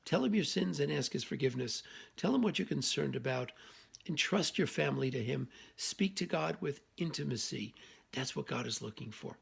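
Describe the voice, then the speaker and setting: Campus minister guy, super gravelly husky voice, folksy then earnest. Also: fairly high pitch, lively intonation, normal speed. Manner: folksy joke-telling then earnest exhortation. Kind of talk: short daily reflection.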